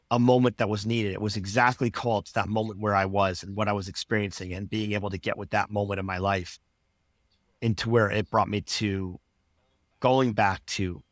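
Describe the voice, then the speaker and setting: Earnest low-voiced male coach telling his story. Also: no echo. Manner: earnest, rambling, acts out his own past remarks. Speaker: podcast guest, life coach. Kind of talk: personal storytelling in an interview.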